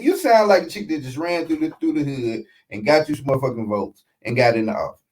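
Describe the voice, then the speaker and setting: A man hosting a casual reaction commentary show, talking in an animated, slangy way with frequent asides. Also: on the high side, quick pace, rough recording. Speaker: show host reacting to a clip.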